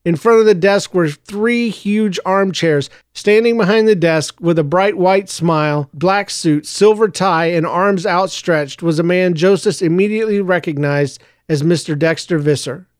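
A male narrator reading a story with a steady, even delivery. His voice is high for a man and smooth, and the recording is close and completely dry. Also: a little slow, hardly any pauses, no room sound. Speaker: audiobook narrator.

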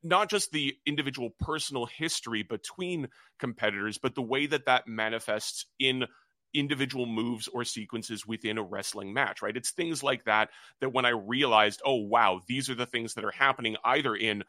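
A man co-hosting a wrestling preview in a measured, articulate voice that often pauses on "uh". His tone is bright and forceful, and the recording is close and dry with almost no room sound. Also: medium pitch, no echo. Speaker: wrestling podcast co-host. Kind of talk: casual preview chat.

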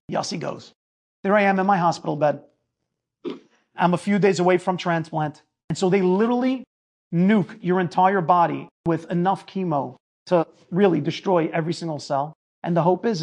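A man giving a lecture, telling a personal story in an emphatic way that builds to near shouting. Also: high voice, moderate pace, long pauses. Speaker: speaker telling his story.

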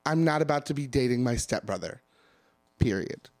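A man's voice: mid-range voice, animated, normal speed, a little mellow. A young man co-hosting a casual podcast, telling stories bluntly with plenty of swearing. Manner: profane, blunt storytelling. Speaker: podcast co-host. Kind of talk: casual chat.

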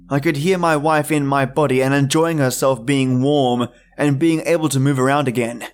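A man hosting a podcast, narrating horror stories in a measured, dramatic reading. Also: fairly high pitch. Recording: soft music bed.

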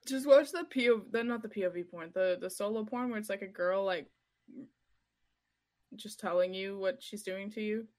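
A woman's voice: mid-range voice, normal speed, darkish tone. A young woman from Montreal, chatting bluntly and crudely as a streamer. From Montreal, Canada. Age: young adult. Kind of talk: casual chat.

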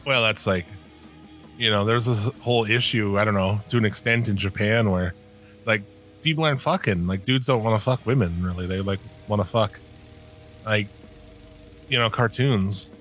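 A man's voice: fairly low pitch, moderate pace, fairly bright tone, faint music behind. A middle-aged man in casual, crude conversation, rambling through stories with lots of swearing and laughing.

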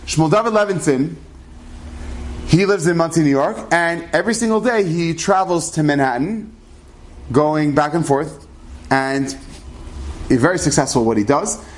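A man's voice: on the high side, normal speed, pauses often. A man telling a story in a casual, rambling, conversational way, full of asides.

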